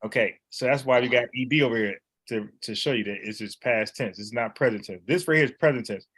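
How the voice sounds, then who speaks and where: A man's voice: mid-range voice, fast talker, a bit bright, breathy edge. A man teaching in a casual, conversational way, repeating words and explaining letters one by one. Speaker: Bible teacher.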